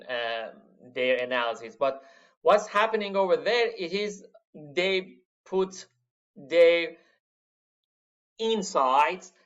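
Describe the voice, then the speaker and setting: Male university lecturer, mid-pitched, hesitant and emphatic, muffled low-fidelity classroom recording. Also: a bit bright. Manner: halting, many fillers, stresses key words; addresses students as "my friends".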